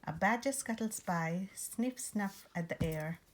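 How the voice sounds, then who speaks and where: A woman reading a rhyming picture book aloud, rhythmic and expressive. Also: medium pitch, unhurried. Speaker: storyteller.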